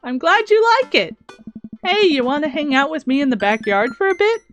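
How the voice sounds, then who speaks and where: A woman voicing a goofy, doting middle-aged single dad, reading his lines with teasing, proud warmth. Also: high voice, very animated, moderate pace, highs cut off, faint music behind. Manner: warm dad-joke delivery, proud and teasing.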